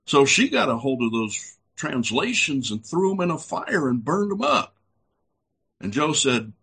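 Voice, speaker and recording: A male preacher with a very husky, raspy voice gives a folksy, blunt sermon. His pitch moves a great deal as he talks, and he drops in chuckling asides. It sits in a middle register. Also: very animated, unhurried, fairly bright tone. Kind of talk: conversational sermon.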